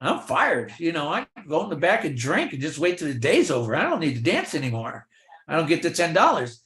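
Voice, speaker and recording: An older man, a veteran film extra, telling lively anecdotes in a Q&A and acting out the dialogue of the people in them. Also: a little high, brisk. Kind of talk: storytelling in a virtual Q&A. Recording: roomy echo.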